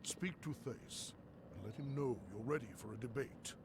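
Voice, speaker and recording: An actor playing a male academy master in a video game, speaking in a measured, formal way. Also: mid-range voice, noisy background, lightly acted. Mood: lofty.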